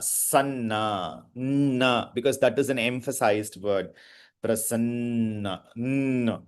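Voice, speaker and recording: A man's voice: mid-range voice, unhurried. A man teaching Sanskrit pronunciation, drilling verses syllable by syllable with short explanations. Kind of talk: pronunciation lesson, call-and-repeat recitation.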